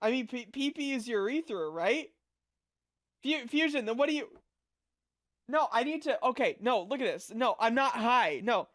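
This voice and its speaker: A man's voice: extremely high pitch, expressive, moderate pace, fairly bright tone. A young man streaming as a VTuber, chatting casually with viewers in a rambling, crude, flustered way full of fillers.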